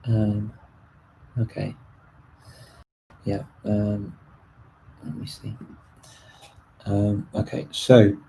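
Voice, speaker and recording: Man, live Q&A host, very dark mellow tone, flat low delivery, faint hiss behind. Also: drawn-out words, vocal fry, pauses often, low-quality recording. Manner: chatty, many ums and restarts, light laughs. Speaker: livestream host answering viewer questions. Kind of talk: casual live Q&A chat.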